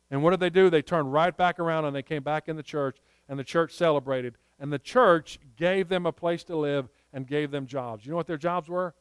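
A man preaching a sermon, telling stories in an earnest way and slowing down to stress key points. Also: on the high side, clear, resonant tone, no echo. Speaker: pastor.

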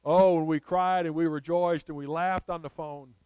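A man's voice: on the high side, steady tone, normal speed, darkish tone, smooth, no room sound. A man preaching a sermon, telling a personal story and rising to emphatic appeals.

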